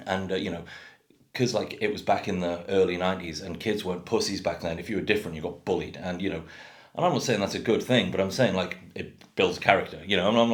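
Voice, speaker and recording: Blunt sweary man with deep voice. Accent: generic English. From North Wales. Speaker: craft beer vlogger. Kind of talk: casual rant to camera. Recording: echoey room.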